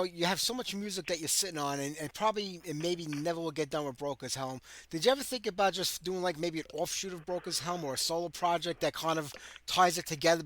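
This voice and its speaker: A man's voice: a little high, fairly bright tone, slight background noise. A man hosting a radio interview, asking friendly questions and joking casually. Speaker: radio show host.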